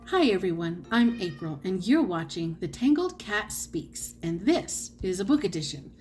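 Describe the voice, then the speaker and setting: A woman's voice: medium pitch, sing-song, moderate pace, a little mellow, soft background music. A woman from the United States chatting casually about her reading as a book vlogger, correcting herself often and laughing easily. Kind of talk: casual chat.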